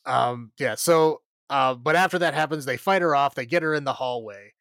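A man's voice: medium pitch, normal speed, fairly bright tone, no echo, clean studio sound. Rambling, chuckling male podcast host. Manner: rambling, laughing recap with many fillers. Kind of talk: casual movie recap chat.

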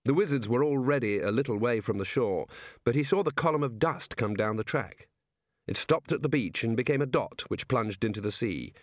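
A man reading a story aloud with expressive, measured narration. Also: mid-range voice, dry recording, studio quality. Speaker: audiobook reader. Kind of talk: scripted narration.

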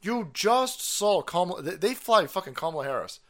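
A man hosts a livestream and rants about politics in foul, mocking language. His voice sits fairly high for a man, and he laughs between his jabs. He swings between drawn-out sneers and quick outbursts. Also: sing-song, a bit bright. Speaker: streamer host. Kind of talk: profane political rant.

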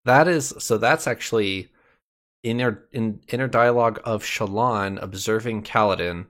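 Deep-voiced man recapping a book. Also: normal speed, a bit bright. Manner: explanatory, recaps plot in detail. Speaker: podcast co-host. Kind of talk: casual book discussion.

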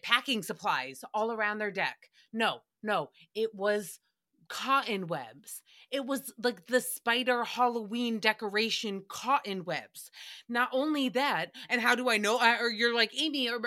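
A woman hosting her own podcast, talking solo in a brash, profane, animated way as she tells stories. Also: on the high side. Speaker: podcast host. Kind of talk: casual solo podcast chat.

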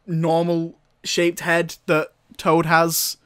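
A man's voice: fairly high pitch, completely flat delivery, drawn-out words, fairly bright tone, smooth, dry recording, studio quality. Amused man rambling through a recap. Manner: rambling and amused, often laughing, sarcastic asides. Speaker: film reviewer. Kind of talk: casual comic film recap.

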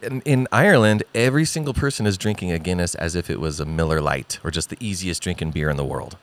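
A man's voice: sits low, fast talker, slight background noise. A man who is a podcast guest, chatting casually and telling stories playfully, slipping into voices. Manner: playful storyteller, slips into voices and accents. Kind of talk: casual chat.

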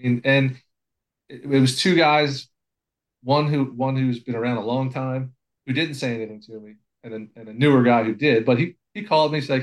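A man's voice: mid-range voice, steady tone, moderate pace, poor audio. A man who is a volunteer assistant fire chief, talking in a casual, plainspoken and humble way with frequent restarts. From Pennsylvania, USA. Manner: plainspoken, self-deprecating, many restarts. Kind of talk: casual podcast conversation.

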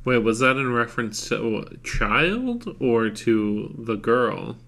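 A podcast co-host dropping slow, wry comments into a friend's story. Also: medium pitch, sing-song, vocal fry, a bit bright. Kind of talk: casual chat.

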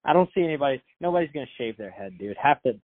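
Excitable male co-host, mid-pitched, keeps saying "dude"; dry, tinny phone-like audio. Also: very fast, no room sound. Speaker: podcast co-host. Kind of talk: casual chat.

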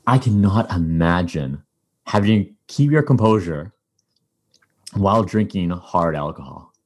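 A man's voice: low voice, expressive, a little slow, darkish tone, breathy edge. A man hosting a podcast, chatting casually and rambling with many fillers and restarts. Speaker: podcast host. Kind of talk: casual chat.

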